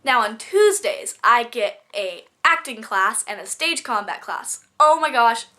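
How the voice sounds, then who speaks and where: A teenage girl vlogs about her school classes, gushing bubbly and chattering rapidly in casual fashion while sounding stuffy from a cold. Her voice is fairly high, expressive, pushed, and bright.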